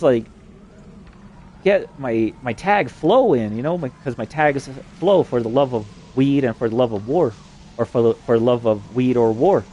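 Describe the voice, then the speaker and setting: A man's voice: medium pitch, darkish tone, slight background noise. A man rambling through a personal story in a profane, casual way. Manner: profane, rambling, fast-talking.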